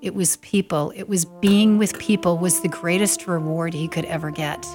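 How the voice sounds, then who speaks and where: Lower-pitched woman telling family stories. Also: moderate pace, soft background music. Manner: lively storyteller who acts out quoted voices. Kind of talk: anecdotal storytelling.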